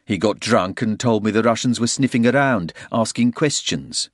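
A man voicing a calm soldier who explains things in a matter-of-fact way. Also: fairly low pitch, moderate pace, dry recording, studio quality, voice pushed up, close to an everyday voice. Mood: steady. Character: calm, steady male soldier.

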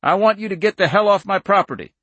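A man voicing an older farmer whose high voice cracks as he orders men off his land. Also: expressive, fast talker, a bit bright, slightly rough, no echo, muffled recording, full character voice. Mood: defiant. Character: older rural farmer, stubborn and scared.

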